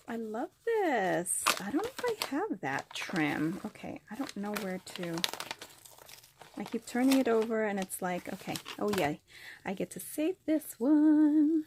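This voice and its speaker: A woman's voice: on the high side, very animated, measured pace, noisy background. A woman vlogger opening craft mail, gushing, gasping and squealing with delight as she talks to the camera. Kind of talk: excited unboxing chat to camera.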